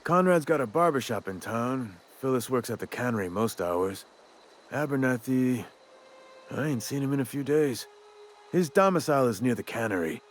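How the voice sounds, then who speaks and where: An actor playing a chatty, wry frontier gravedigger in a video game, talking in a folksy drawl with old-timey wording. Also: male voice, medium pitch, expressive, moderate pace, slight background noise, natural voice. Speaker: game character.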